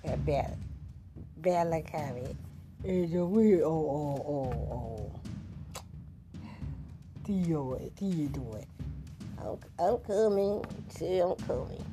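A woman's voice: low-pitched, lively intonation, slow pace, pauses often. A woman hosting a podcast in loose, slangy casual chat, swearing freely, with music playing behind her. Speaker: podcast host.

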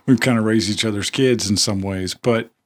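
A man co-hosting a casual talk show, relaxed and conversational. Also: on the low side, moderate pace.

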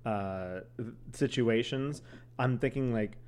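A man co-hosting a casual podcast, reacting with jokes and quick comments. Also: mid-range voice, darkish tone, smooth. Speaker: podcast co-host.

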